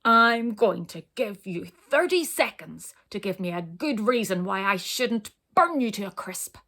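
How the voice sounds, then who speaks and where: A woman voicing a huge fire-breathing male dragon from a children's storybook, deep and bellowing. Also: takes it slowly, slightly rough, heavily acted. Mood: menacing. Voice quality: deep rumbling. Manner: loud, bellowing threats.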